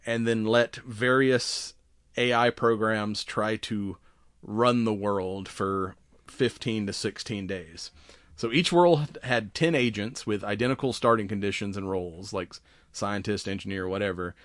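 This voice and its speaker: A man's voice: lowish voice, no echo, clean studio sound. A man hosting a podcast in casual chat, rambling with lots of laughs and swearing. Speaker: podcast host.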